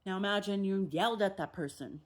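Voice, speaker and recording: A woman talks through a daily recovery reflection in a casual, unscripted way. She is animated and slips into the voices of the people in her examples. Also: medium pitch, brisk. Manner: animated, acts out quoted voices. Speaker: recovery meditation host.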